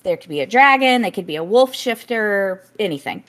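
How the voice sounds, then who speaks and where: A woman's voice: medium pitch, lively intonation, brisk, a bit bright. Woman, podcast co-host, giggly, rambling, self-conscious, casual chat. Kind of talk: casual book review chat.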